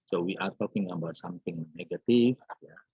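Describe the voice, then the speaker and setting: A man teaching an English grammar lesson, slow and repetitive, often calling out "everybody" and "yeah". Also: low-pitched, slightly rough, dry recording. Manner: slow, repeats phrases, calls out "everybody" and "yeah". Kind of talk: recorded online grammar lesson. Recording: dull lo-fi recording.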